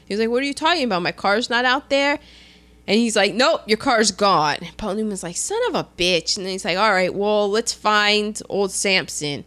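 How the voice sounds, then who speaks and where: Her voice mid-range and her pace moderate, a young podcast co-host chats casually through a film recap. Lively and quick to laugh, she performs the characters' quotes as she goes.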